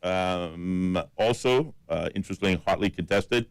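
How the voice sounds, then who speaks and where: Caymanian male radio co-host, very deep voice, dry studio sound, steady list-reading. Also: measured pace, clear, resonant tone, no echo, faint music behind, low-quality recording. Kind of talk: radio talk about election candidates.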